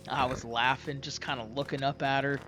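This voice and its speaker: A man's voice: medium pitch, flat delivery, a little fast, over music. A young man casually telling a roleplay story in a folksy, rambling way with many fillers and restarts.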